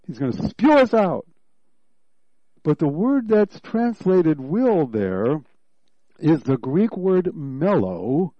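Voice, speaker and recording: A man preaching a sermon, teaching from scripture verse by verse and reading passages aloud, with animated bursts when he voices what God is saying. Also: on the high side, dry recording, highs cut off.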